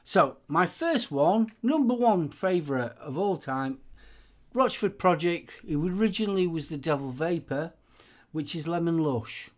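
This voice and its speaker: A middle-aged man co-hosting a live stream, chatting casually in a rambling, halting way, full of ums and restarts. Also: fairly high pitch, animated. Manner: rambling, halting, many fillers. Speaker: livestream co-host. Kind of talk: casual chat, sharing favourites.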